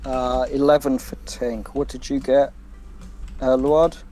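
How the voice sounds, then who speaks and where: A man in a mid-range voice runs a tabletop game at an unhurried pace. He trails off into fillers as he works through the rules. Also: medium pitch, flat delivery, faint music behind. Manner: hesitant, many fillers, fumbles with the software. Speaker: game master.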